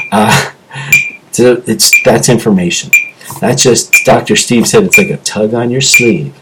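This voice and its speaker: A man's voice: mid-range voice, very noisy. A middle-aged man hosting his own video, talking to camera in an impassioned, rambling monologue that jumps from topic to topic. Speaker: self-improvement video host. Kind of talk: animated solo monologue to camera.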